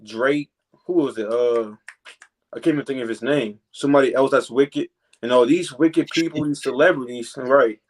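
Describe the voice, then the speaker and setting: This mid-range male voice belongs to a relaxed preacher teaching scripture, who leans on fillers like "man" and "you know" between thoughts. Verses are read out slowly and deliberately.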